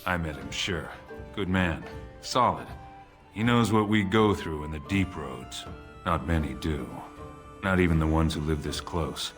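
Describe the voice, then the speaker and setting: A deep, gruff dwarf soldier. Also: male voice, a little slow, a bit bright. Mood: plain, gruff. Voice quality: gruff, matter-of-fact, clipped phrases. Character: weary blunt male dwarf soldier. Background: game music.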